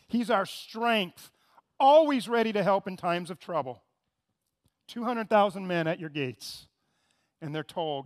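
A male pastor preaching a sermon in an animated way, repeating phrases and calling on the congregation to say words back. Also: sits high, unhurried. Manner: animated, repetitive, asks the congregation to respond.

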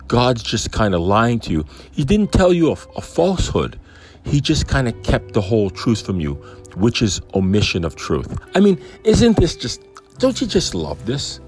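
A man's voice: on the low side, darkish tone. A man voicing a sly male serpent tempter who coaxes and insinuates in a raised voice. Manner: coaxing, insinuating, smooth-talking.

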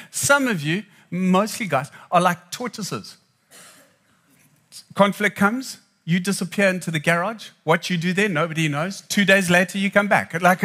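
Bright high-voiced man. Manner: joking, animated storytelling. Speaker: speaker. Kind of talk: humorous live talk on marriage.

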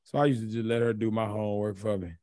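A man's voice: lowish voice, quick pace, no echo, clean studio sound. Laughing, profane young man telling stories. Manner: animated storytelling, laughs often, profane. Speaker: podcast co-host. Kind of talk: casual chat.

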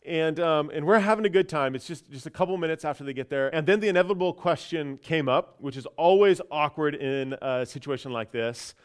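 A pastor telling a personal story in a casual, chatty sermon, with many fillers and restarts. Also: male voice, fairly high pitch, fairly quick, hardly any pauses, clean tone.

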